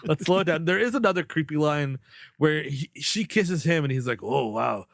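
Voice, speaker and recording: A man's voice: fairly high pitch, animated, normal speed, creaky, fairly bright tone, dry recording, clean studio sound. Casual man recapping a movie plot. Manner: rambling recap with fillers and mock-quotes. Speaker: podcast co-host. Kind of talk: casual comedic movie-review chat.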